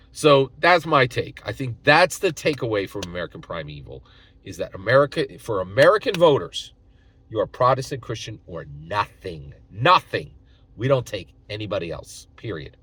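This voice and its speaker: A man's voice: fairly low pitch, fairly bright tone. A man hosting his own channel, giving casual opinion commentary in a folksy, opinionated way and tagging his points with "right?". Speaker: channel host.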